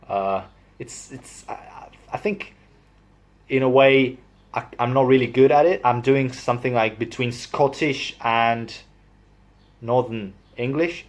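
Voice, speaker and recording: Man, casual vlogger, slow unhurried delivery, self-deprecating, filler-heavy. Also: medium pitch. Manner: playful, self-deprecating, hesitant with many fillers. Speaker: video maker. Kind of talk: casual explainer vlog.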